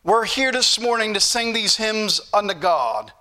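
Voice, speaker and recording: A man's voice: sits high, very animated, a little slow, pushed and bright. A male preacher, exhorting a congregation in a sermon and repeating scripture references with emphatic bursts.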